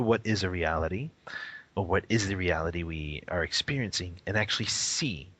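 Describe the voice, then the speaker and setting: Guest speaker, male, low husky voice, emphatic and earnest radio talk. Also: a bit bright, low-quality recording. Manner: earnest, emphatic, repeats words while explaining.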